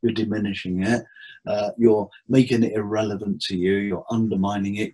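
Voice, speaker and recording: Husky-voiced man explaining therapy tips. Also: on the low side, poor audio. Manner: jokey, anecdotal, acts out quotes. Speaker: therapist and hypnotherapist guest. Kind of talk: interview chat giving tips.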